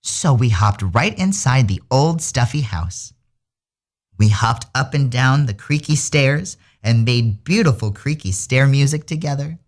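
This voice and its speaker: A drag queen storyteller reading a picture book aloud on the radio, with lively storybook delivery. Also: mid-range voice, a little slow. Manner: lively storybook reading with many character voices.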